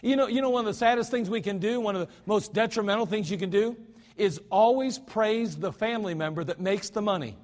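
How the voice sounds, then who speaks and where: A high-pitched American pastor gives a folksy, conversational sermon rather than a grand one, joking about his own slips and speaking directly to the congregation with asides. He is brisk, with a darkish tone. A long hall reverb rings through the church sanctuary.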